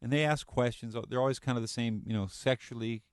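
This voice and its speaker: A man's voice: medium pitch, quick pace, smooth, no room sound. Guy telling funny stories on a chat show, acts out the quotes, dry close mic. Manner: animated storyteller, acts out quotes, laughs often. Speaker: guest musician and actor. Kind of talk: telling anecdotes in casual chat.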